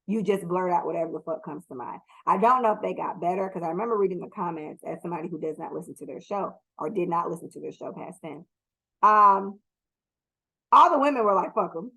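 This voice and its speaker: A woman's voice: fairly low pitch, gravelly, fairly bright tone, slightly rough, rough recording. A young adult woman hosting her own podcast, talking alone in a blunt, profane, rambling way with lots of ums. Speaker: podcast host. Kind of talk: casual solo commentary.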